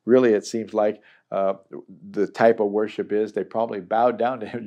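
A man's voice: fairly low pitch, flat delivery, normal speed, mellow, lo-fi sound. A middle-aged man teaching a Bible chapter in a conversational, earnest way, acting out the people he quotes.

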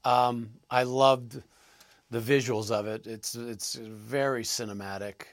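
A man answering interview questions as an actor guest, halting and thoughtful with many pauses. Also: mid-range voice, fairly even intonation, no room sound.

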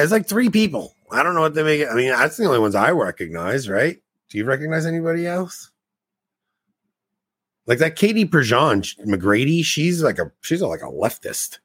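A man's voice: medium pitch, a bit bright, dry recording. A man hosting a podcast in casual chat, rambling and laughing at himself. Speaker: podcast host.

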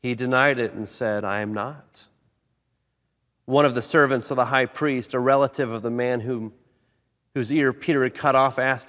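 Male pastor, mid-pitched voice, dramatic dynamic swings, long hall reverb. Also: moderate pace. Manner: animated, swings between loud emphasis and soft low delivery. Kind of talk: sermon.

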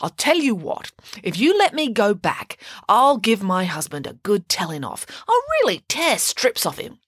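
A woman's voice: mid-range voice, very animated, normal speed, husky, no echo, studio quality. A woman doing a cunning sweet-talking schemer. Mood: mock indignant. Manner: falsely polite, wheedling.

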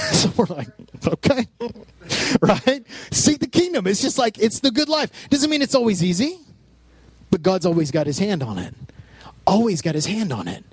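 A man in his thirties preaching a personal, animated sermon, with frequent restarts as he talks. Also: high-pitched, normal speed, slightly rough, dry recording. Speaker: pastor.

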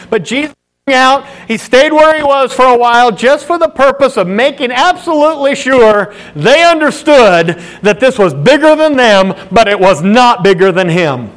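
Animated high-voiced male preacher. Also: moderate pace. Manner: animated, emphatic storytelling. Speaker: pastor. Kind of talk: sermon.

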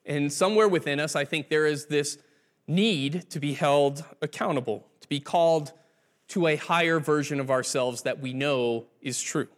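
A male pastor delivering a sermon in a relaxed, conversational storytelling way. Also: on the high side, normal speed.

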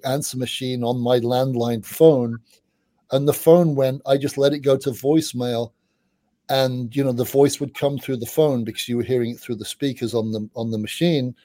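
A middle-aged man, a music journalist, telling rambling, animated anecdotes with casual swearing as an interview guest. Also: mid-range voice, normal speed, no echo.

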